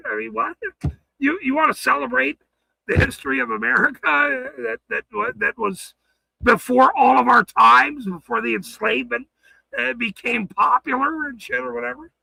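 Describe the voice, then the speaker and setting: An angry man ranting on his livestream, swearing hard, stammering and shouting. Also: very high voice, moderate pace, creaky, husky, no echo, poor audio. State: furious.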